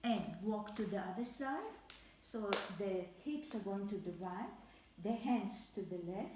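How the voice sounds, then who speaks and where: A woman leading a Pilates class at home, cueing each movement with calm, repeated counts. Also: mid-range voice, a little slow, echoey room, a little hiss or hum. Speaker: Pilates instructor. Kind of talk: live exercise class instruction.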